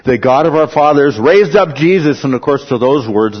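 Husky man teaching a Bible class. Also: a little high, normal speed, hardly any pauses, dull audio. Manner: explanatory, checks in with "okay?" often. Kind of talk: Bible study lesson.

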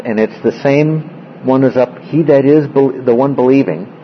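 A man's voice: mid-range voice, normal speed, a little hiss or hum. Lo-fi recording of a man teaching Bible study. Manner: explanatory, asks frequent check-in questions. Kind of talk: classroom Bible study with questions to the group.

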